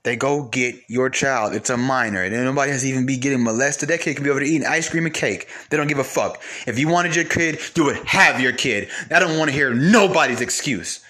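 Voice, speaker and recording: A man's voice: mid-range voice, a little fast, hardly any pauses, pushed and bright. A man delivering an angry, profane rant to camera, firing off repeated rhetorical questions.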